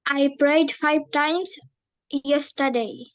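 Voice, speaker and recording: A woman's voice: high-pitched, steady tone, slow. A woman studying English, answering drill questions in careful full sentences. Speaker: English student.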